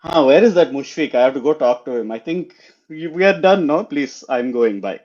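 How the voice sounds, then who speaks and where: A man's voice: on the high side, lively intonation, normal speed, darkish tone. A restless older sword-teaching auntie, put on by a man, clipped and imperious. Her voice sounds slightly dull and lo-fi. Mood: brusque.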